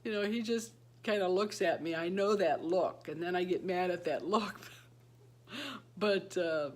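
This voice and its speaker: A retired beauty vlogger in her fifties chats casually to camera about married life in a fairly low, slightly slow voice. She rambles from thought to thought, laughs a lot, and imitates the voices of the people she quotes.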